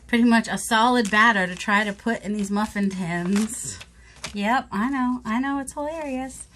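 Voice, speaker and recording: A woman's voice: fairly high pitch, moderate pace, fairly bright tone, slight background noise, rough recording. A woman chatting casually to viewers in a crafting vlog, rambling and self-mocking while she works at her table. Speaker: craft vlogger.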